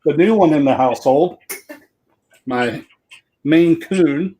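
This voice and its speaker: A man's voice: on the high side, slow pace, dark tone, a little hiss or hum, poor audio. A man guest on a livestream, talking laid-back with dry humor from his game room at home. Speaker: guest, tournament organizer. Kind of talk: casual livestream chat.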